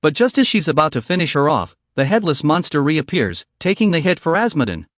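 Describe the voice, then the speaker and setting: Guy narrating a comic recap, animated, kinda high, dry close mic. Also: a little fast, no echo.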